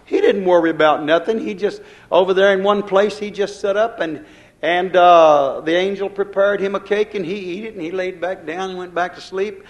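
A man's voice: high-pitched, normal speed, muffled recording. A male minister preaching a sermon in a folksy way, often calling out to his congregation.

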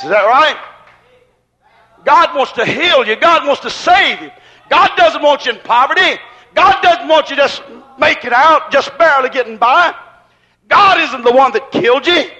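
A man preaching a sermon in fiery bursts, often shouting. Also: extremely high pitch, expressive, normal speed, low-quality recording.

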